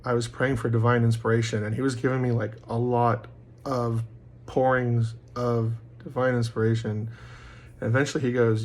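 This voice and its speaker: Rambling man talking about faith. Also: medium pitch. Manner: rambling, with many fillers; acts out quoted voices loudly. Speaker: vlogger. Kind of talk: casual monologue.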